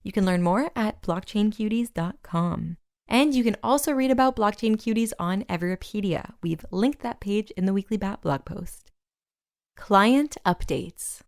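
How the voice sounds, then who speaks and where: A woman hosting a community podcast, reading a weekly roundup of announcements and long lists in a brisk scripted way. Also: mid-range voice, darkish tone, no echo, studio quality. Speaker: podcast host.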